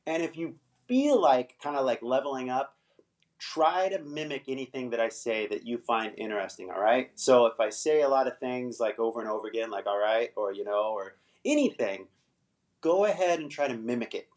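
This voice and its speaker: A man's voice: medium pitch, lively intonation, moderate pace, a little mellow. Chatty American man coaching live. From United States. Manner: loose and chatty, filler-heavy, occasional swearing. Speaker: English coach, live-stream host. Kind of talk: casual live-stream coaching.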